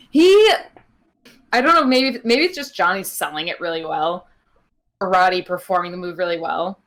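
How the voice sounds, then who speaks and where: Fairly low in pitch and a bit bright, this young podcast co-host's voice has lively intonation and normal speed, and she pauses often. She's recapping a wrestling match in casual chat, laughing and using plenty of fillers.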